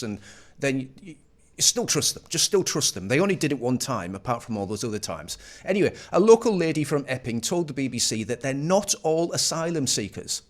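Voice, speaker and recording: A man's voice: mid-range voice, animated, fairly quick. A man giving casual reaction commentary on a news clip in a sarcastic, mocking manner.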